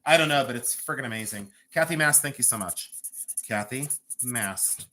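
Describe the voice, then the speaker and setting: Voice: medium pitch, expressive, moderate pace, bright, forceful tone. A host running a live jewelry sale from home, chatting and joking with viewers and laughing often. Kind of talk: live-stream selling chat.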